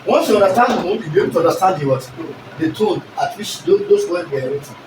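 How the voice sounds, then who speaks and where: A male teacher, giving an animated lesson and constantly checking that the class understands. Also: high voice, quick pace, background noise. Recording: echoey room recorded from a distance.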